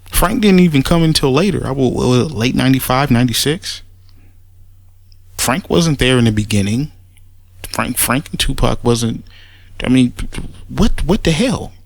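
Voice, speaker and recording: Gravelly, blunt, foul-mouthed man ranting. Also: mid-range voice, expressive, no echo. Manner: blunt and profane, heated and dismissive; halting restarts, repeats words when agitated. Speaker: commentator making a response video. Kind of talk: casual spoken rant.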